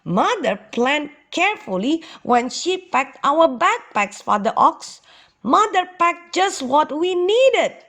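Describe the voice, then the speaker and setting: A woman's voice: high-pitched, very animated, slow, a bit bright, voice pushed up, full character voice. A woman doing an eager little boy ox. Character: curious, excited little boy ox.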